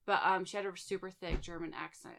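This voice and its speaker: A woman's voice: lowish voice, steady tone, quick pace, creaky, a bit bright, slight background noise. A woman in her thirties chatting casually with friends, telling personal stories full of fillers and "like". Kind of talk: casual storytelling chat.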